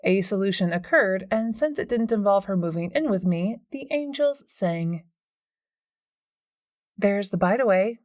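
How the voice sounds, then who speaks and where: A woman's voice: mid-range voice, expressive, normal speed, hardly any pauses, darkish tone, dry recording. Dry, wry woman narrating an audiobook. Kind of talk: first-person scripted narration.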